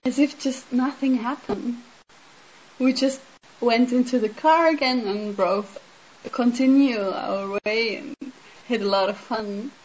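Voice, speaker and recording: Speaking slowly in a high-ish, somewhat mellow voice, a woman from Switzerland reflects earnestly on her personal experiences in a casual spiritual talk. The recording is low quality, and her speech is full of "like" and "um".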